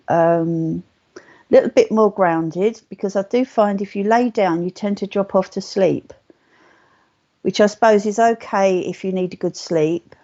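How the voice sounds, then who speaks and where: A woman leading a guided meditation in slow, soothing, repetitive phrases. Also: mid-range voice, warm tone. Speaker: meditation teacher. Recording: muffled lo-fi recording with faint music.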